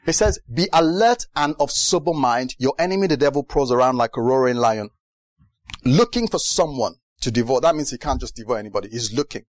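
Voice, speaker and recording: A man from Britain preaching a sermon in a lively way, often asking the audience if they understand. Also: mid-range voice, fairly quick, no echo. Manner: lively, mimics other preachers, asks the audience questions.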